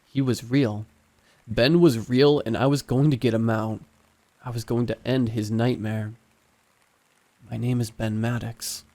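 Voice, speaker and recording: A man reading a horror story aloud as a steady, scripted narration. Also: medium pitch, unhurried.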